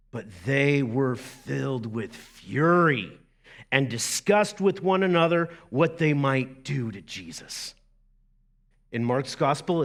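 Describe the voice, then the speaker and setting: A middle-aged man, a lead pastor preaching a sermon in a lively, conversational way with asides to the congregation. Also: medium pitch.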